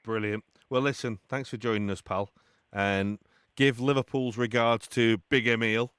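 A man's voice: medium pitch, steady tone, normal speed, a bit bright, clear, resonant tone, no echo, clean studio sound. A man from England hosting a radio football show, chatting casually and calling his guest pal. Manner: friendly, calls guest pal. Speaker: radio host. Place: radio studio.

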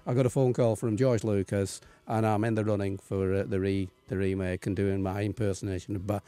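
Halting low-voiced man on sports radio. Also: level tone, mellow. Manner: halting, many pauses and fillers. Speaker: radio rugby league co-host. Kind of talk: casual radio sports chat. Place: radio studio.

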